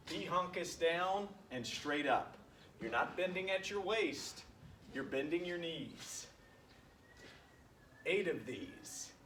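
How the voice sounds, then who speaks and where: A PE coach with a slightly high-pitched voice leads a workout at an unhurried pace, counting reps and urging his class on while he does every exercise himself. He is heard from a distance in a reverberant room. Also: fairly bright tone, slight background noise. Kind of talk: workout instruction video. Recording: echoey room picked up from a distance.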